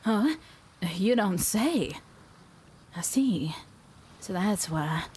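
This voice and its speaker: A woman voicing a brisk, modern-minded young female diver, reading game dialogue aloud with a light put-on accent. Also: medium pitch, expressive, a little mellow, slight background noise. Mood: matter-of-fact.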